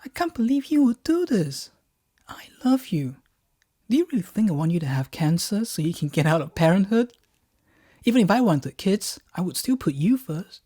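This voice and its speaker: A man with a New Zealand accent voicing an exasperated young woman, his character's loving girlfriend, in a shrill, emphatic voice. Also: very animated, normal speed, dark tone, dry recording, clean studio sound. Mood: hurt.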